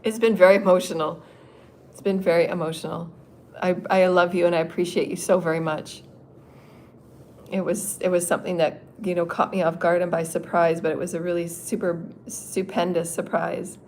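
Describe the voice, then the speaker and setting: A woman's voice: on the low side, flat delivery, moderate pace, darkish tone, a little hiss or hum. Chatty middle-aged woman channeling spirit messages. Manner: chatty and meandering, laughs often, swears freely. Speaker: spiritual channeler hosting a livestream. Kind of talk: casual rambling livestream chat. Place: indoor meeting room.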